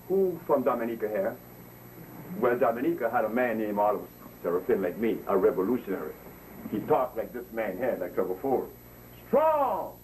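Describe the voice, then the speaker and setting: A man's voice: mid-range voice, a little mellow. A man addressing an audience in an impassioned lecture, preachy and emphatic, repeating words for emphasis. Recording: distant mic with faint noise.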